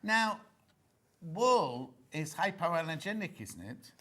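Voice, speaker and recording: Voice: medium pitch, big pitch swings, slow pace, a bit bright. A presenter on a live shopping-channel show in a TV studio. The presenter chats, asks a guest curious questions and reads out viewer messages.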